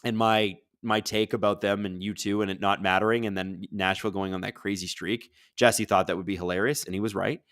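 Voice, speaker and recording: Low-voiced man hosting a hockey stream. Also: a little fast, hardly any pauses, no echo, studio quality. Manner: energetic, rambling, reads chat questions aloud. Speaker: host of a live hockey watch-along stream. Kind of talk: casual live-stream chat and game commentary.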